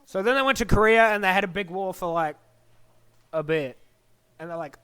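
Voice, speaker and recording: A man's voice: sits high, a little fast, pauses often, bright, forceful tone, clear, resonant tone, poor audio. A young man giving a goofy, scatterbrained comedic monologue into a desk microphone, acting out silly voices. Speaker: comedic history narrator.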